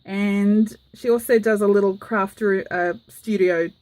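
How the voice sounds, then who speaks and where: A woman's voice: medium pitch, steady tone, unhurried, a little mellow. Gushing woman vlogger. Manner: gushing and enthusiastic, with frequent "um" fillers. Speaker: craft vlogger. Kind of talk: casual show-and-tell vlog.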